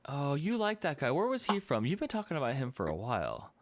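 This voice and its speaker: A man co-hosting a podcast in casual live-stream chat, rambling and animated, slipping into silly voices for quotes. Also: fairly high pitch, a little fast. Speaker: podcast co-host.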